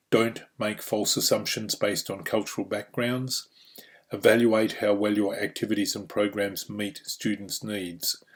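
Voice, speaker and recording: A fairly low-pitched Australian man leads a training course, explaining each point step by step. He talks through the material plainly and often drops in "you know" and "um" as he goes. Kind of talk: instructional course narration.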